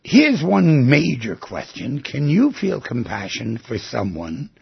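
A man with a heavily gravelly, husky voice hosts a reflective radio talk, musing and asking question after question. His pitch rises and falls a lot. The sound is dry and a little dull. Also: big pitch swings, takes it slowly, no echo. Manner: musing, asks many rhetorical questions. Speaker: radio show host. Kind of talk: reflective monologue on psychology.

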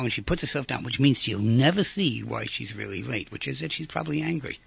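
A man's voice: mid-range voice, animated, a little fast, creaky, hardly any pauses, husky, no room sound. A man giving an informal lecture in a conversational way, firing rhetorical questions at his listeners and briefly acting out quoted voices. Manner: acts out short quoted voices. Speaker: speaker giving a talk.

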